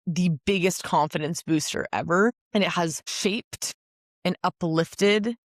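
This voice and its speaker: A woman's voice: low voice, no echo, studio quality. A woman in her twenties hosting a solo podcast, talking casually and emphatically with lots of fillers and little laughs. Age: 20s. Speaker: podcast host.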